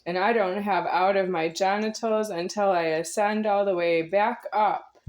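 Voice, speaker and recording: A woman's voice: mid-range voice, steady tone, a little slow, darkish tone. A woman in her forties giving a rambling, confrontational spiritual monologue to her viewers, repeating herself intensely. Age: 40s. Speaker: vlogger.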